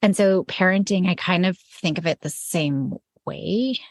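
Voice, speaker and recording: A woman's voice: fairly low pitch, a little slow, no echo. A woman in her forties co-hosting a parenting podcast in casual chat, candid and playful, explaining with examples. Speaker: podcast co-host.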